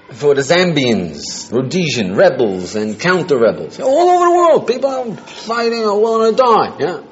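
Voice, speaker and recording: A rabbi giving an animated lecture to a live class, often checking in with "yeah?" and "right?". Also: male voice, fairly high pitch. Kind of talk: lively lecture with audience questions. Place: lecture room with a live audience. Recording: muffled older lecture tape with faint hiss.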